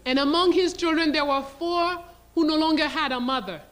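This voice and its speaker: A woman's voice: sits high, moderate pace. Emphatic older woman lecturer. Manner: animated, emphatic, acts out quoted dialogue. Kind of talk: storytelling lecture.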